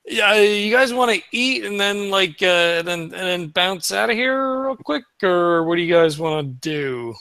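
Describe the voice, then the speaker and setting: High, bright, stammering man. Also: expressive, a little slow, creaky, hardly any pauses, clear, resonant tone, no room sound. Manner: hesitant, stammering. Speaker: player. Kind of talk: tabletop game play, casual chat.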